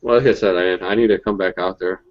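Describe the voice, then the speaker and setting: A man's voice: low voice, fairly even intonation, fast talker, slight background noise. A man in casual chat, telling rambling, profane stories with frequent restarts. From Southern United States. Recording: dull lo-fi audio.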